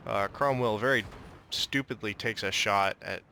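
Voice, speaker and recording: Young male gameplay commentator, bright forward tone, joking mock-Russian asides, faint hiss behind. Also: on the low side, normal speed. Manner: joking, drifts into a mock Russian tank-talk.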